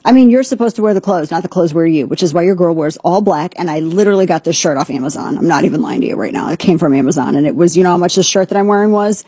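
A woman hosts a talk show in a brash, sarcastic way. Her voice is mellow and a little husky. The sound is dry and close, with no room around it. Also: on the low side, rapid-fire, hardly any pauses, dry recording. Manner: brash, sarcastic, mocking impressions. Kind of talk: opinionated radio talk.

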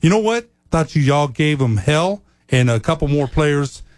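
A man chatting as a guest on a sports radio show, rambling and enthusiastic with lots of pauses. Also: on the high side, expressive, no echo, clean studio sound. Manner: rambling, full of uh fillers, enthusiastic. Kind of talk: casual sports radio chat. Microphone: studio mic.

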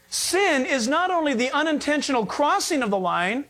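A middle-aged male pastor preaching a sermon to a congregation, animated and exhorting, with rhetorical questions and jokes. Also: extremely high pitch, normal speed.

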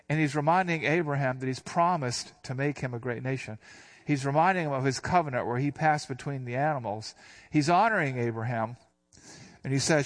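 Older man teaching a Bible passage. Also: medium pitch. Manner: explains verse by verse in a relaxed, plain-spoken way; slows down when reading scripture. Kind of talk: conversational sermon.

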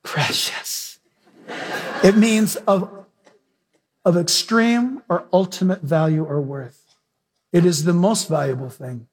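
A man's voice: high-pitched, husky. A man preaching a sermon emphatically, often asking the congregation questions.

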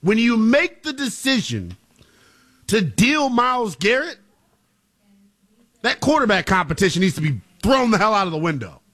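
A man's voice: sits high, very animated, normal speed, long pauses, a bit bright. A man co-hosting a sports talk show, giving emphatic, playful opinions. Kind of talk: animated sports debate.

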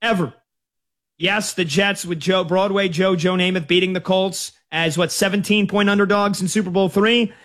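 A man hosting a sports talk radio show, chatting about games and taking calls in a casual, lively way. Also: high voice, normal speed. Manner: conversational, lively storytelling.

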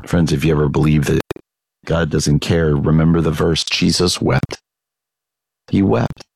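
Deep gravelly-voiced male preacher. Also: steady tone, normal speed, mellow, no echo, low-quality recording. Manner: conversational, reads a devotional then reflects aloud with restarts. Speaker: pastor. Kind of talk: devotional sermon.

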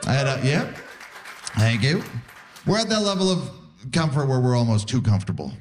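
Animated man doing stand-up. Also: a little fast, slight background noise. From Canada. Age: 40s. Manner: chatty, self-deprecating storytelling with sudden pitch jumps. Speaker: stand-up comedian. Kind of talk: stand-up comedy set. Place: comedy club stage.

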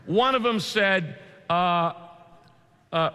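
A man preaching a sermon in a conversational way, with vivid asides and quick shifts in delivery. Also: high voice, lively intonation, pushed and bright. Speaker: pastor. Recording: long hall reverb.

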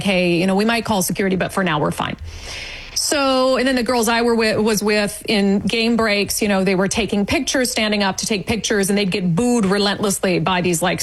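A woman guest recounting an event in an interview, indignant and animated, acting out quoted remarks. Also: medium pitch, rough recording. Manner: indignant, storytelling with quoted asides. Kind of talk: animated eyewitness account.

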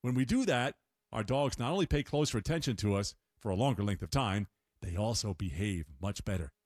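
Radio host, male, mid-pitched, very expressive intonation, playful, dry close studio sound. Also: a little fast, dry recording. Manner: chatty, animated delivery with playful asides. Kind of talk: upbeat radio feature presenting.

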